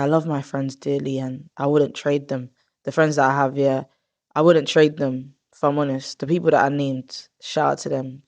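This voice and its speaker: A woman in her twenties hosting a podcast in casual chat. She talks in an expressive, rambling way, with drawn-out groans of disgust. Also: sits low. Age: 20s. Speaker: podcast host.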